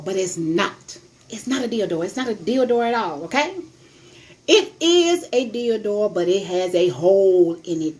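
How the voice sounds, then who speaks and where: Blunt straight-talking woman storyteller. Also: on the high side. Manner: blunt, straight-talking, lively retelling with quoted voices. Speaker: host giving sex and relationship advice. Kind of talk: casual storytelling to camera.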